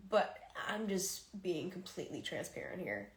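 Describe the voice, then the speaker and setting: A woman's voice: lowish voice, big pitch swings, normal speed, gravelly, whispered. A woman hosting a casual livestream chat with fans, emotional and tearful, sighing often and speaking candidly into a phone. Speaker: livestream host talking to fans. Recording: roomy echo.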